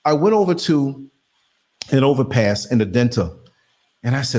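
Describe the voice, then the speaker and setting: Animated middle-aged male podcast host. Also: mid-range voice, normal speed, long pauses. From New York City. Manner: animated storyteller, acts out quoted voices. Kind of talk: casual conversation.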